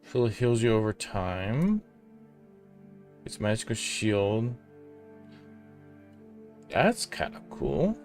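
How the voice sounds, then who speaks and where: Relaxed male gamer, offhand play commentary, light music underneath. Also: on the low side, takes it slowly, pauses often. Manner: relaxed, thinking aloud, offhand swearing. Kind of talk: casual let's play commentary.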